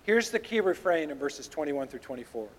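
A man pastor delivering a sermon, swelling loud on key phrases and dropping low for asides. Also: very animated, brisk. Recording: long hall reverb.

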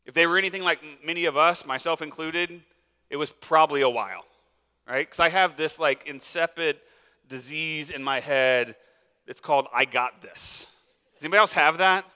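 Casual male pastor, bright and slightly high voice, conversational preaching, reverberant sanctuary. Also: normal speed, smooth. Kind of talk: sermon.

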